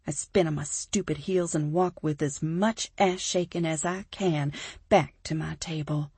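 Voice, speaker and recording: A woman narrating a first-person romance audiobook, expressive and emphatic in the heroine's lines. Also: low-pitched, unhurried, husky, no echo.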